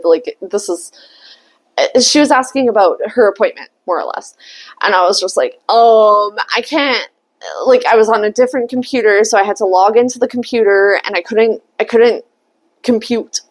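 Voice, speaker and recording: Chatty, candid woman telling a story. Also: a little high. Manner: candid and chatty, swears freely, laughs often. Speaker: tarot reader and vlogger. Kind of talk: casual storytelling.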